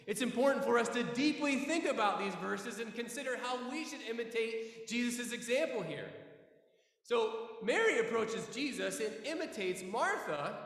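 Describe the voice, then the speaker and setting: High-voiced male pastor preaching in an echoey hall. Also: a bit bright, far from the mic. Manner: earnest preaching with dramatic slow pauses and falling low phrases. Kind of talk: sermon.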